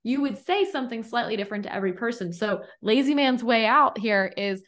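A woman's voice: fairly high pitch, lively intonation, a little fast, fairly bright tone. Confident woman coach giving advice. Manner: confident teaching tone, frequent rhetorical 'right?'. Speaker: business coach, guest. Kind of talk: podcast interview, advice.

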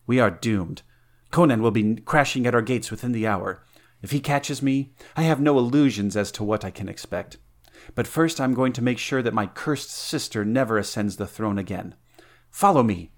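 A man's voice: mid-range voice, normal speed, lightly acted. A man voicing a cold, ruthless witch-queen who gives harsh, clipped orders, in a story read aloud.

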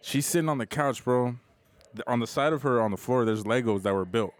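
A man's voice: mid-range voice, a little fast. Man telling a loose, profane story. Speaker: podcast co-host. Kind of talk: casual storytelling chat.

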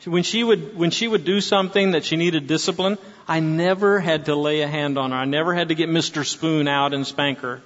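A man's voice: fairly high pitch, a little fast, few pauses, fairly bright tone. A man in his sixties speaking to an audience, telling stories with frequent restarts. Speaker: speaker at a church gathering. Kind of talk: preaching-style talk to an audience. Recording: dull sound with long hall reverb.

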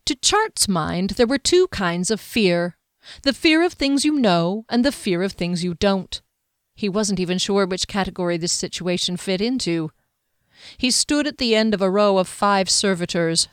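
Smooth-voiced woman narrating a fantasy audiobook. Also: mid-range voice, dry recording, clean studio sound.

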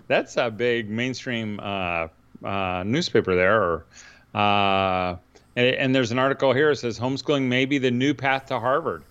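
Male podcast co-host, smooth voice, laughs through his stories, lo-fi sound. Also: medium pitch, fairly bright tone. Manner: rambling storyteller, laughs often. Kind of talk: casual chat.

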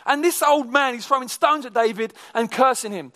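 A male preacher delivering a sermon, moving between animated emphasis and quiet, almost whispered intensity. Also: extremely high pitch, brisk, hardly any pauses. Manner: shifts from animated to hushed, near-whispered intensity.

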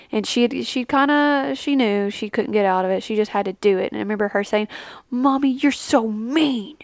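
A woman in her thirties, a mother, chatting casually in a vlog and giving tips with an animated, storytelling manner. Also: no echo. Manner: chatty, animated, acts out quotes with big pitch jumps. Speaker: family travel vlogger, mother.

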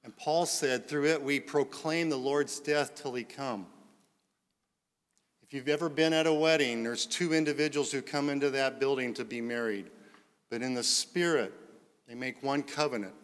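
A man reading scripture aloud and preaching in a slow, deliberate way that swells into loud, fervent proclamation, recorded in a church sanctuary. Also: medium pitch, smooth. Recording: long reverb of a large church hall.

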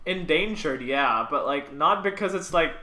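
A man's voice: a little high, expressive, normal speed, sharp tone. A young man co-hosting a podcast, blunt and sarcastic in casual chat. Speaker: podcast co-host. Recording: echoey room, faint noise.

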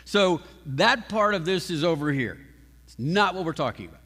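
A man preaching a sermon as pastor, animated and emphatic, often restarting his sentences. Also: a little high, normal speed, husky. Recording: long hall reverb.

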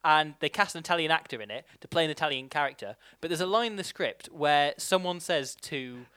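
A man's voice: fairly high pitch, animated, a little fast, sharp tone, clean tone. A man chatting casually, recapping a film plot with rambling asides and frequent laughter. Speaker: podcast host recapping a film. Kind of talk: casual chat.

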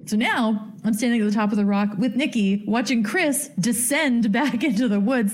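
A woman's voice: a little high, moderate pace, few pauses. A woman hosting a podcast, telling a story in a giddy, chatty way full of fillers. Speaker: podcast host.

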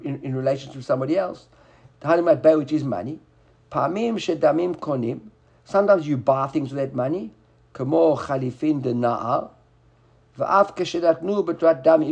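A man teaching a Talmud class, animated, often rising high to act out buyer and seller. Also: gravelly, slightly rough.

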